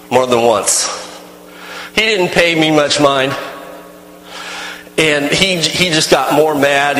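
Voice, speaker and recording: A man's voice: medium pitch, pushed and bright, a little hiss or hum. Folksy man telling a tale in an echoey hall. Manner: rambling, folksy, with many restarts. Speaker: storyteller. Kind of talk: first-person character storytelling.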